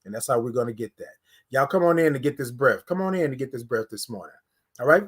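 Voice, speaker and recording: A man's voice: medium pitch, quick pace, breathy edge. A man hosting a casual live morning stream, talking straight to his viewers with lots of repetition and leading them in breathing. He is recorded indoors on a camera held close to his face. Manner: energetic, talks straight to viewers, repeats phrases. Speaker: morning livestream host. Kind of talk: casual livestream talk with guided breathing. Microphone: phone or webcam close to face.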